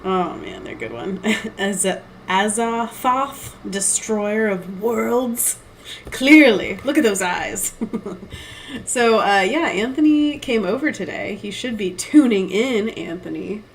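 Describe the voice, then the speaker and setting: A young woman artist livestreams while she paints, thinking out loud and reading chat in a giggly, self-deprecating manner. Her mid-range voice is animated but measured in pace, and the low-quality recording carries a faint hiss or hum.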